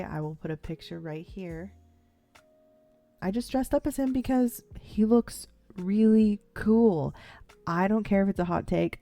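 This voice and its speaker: A woman's voice: low voice, gravelly, mellow. A young woman chatting casually about a show she's watching, rambling with lots of "like" and "um" fillers and playfully acting out characters' lines. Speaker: vlogger reacting to a TV series. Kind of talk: casual first-time-watch reaction chat.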